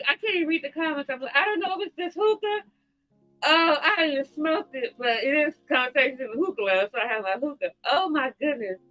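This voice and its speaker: A high, bright woman's voice, teary and giggling as she hosts a relaxed livestream chat. She keeps breaking into laughter between her words, with faint music playing underneath. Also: rough recording. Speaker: host.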